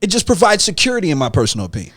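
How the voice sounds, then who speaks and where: Male host, pushy, repeats himself, fairly high voice, dry close sound. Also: wildly swooping pitch, very fast, fairly bright tone, dry recording. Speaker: podcast host. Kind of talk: casual debate chat.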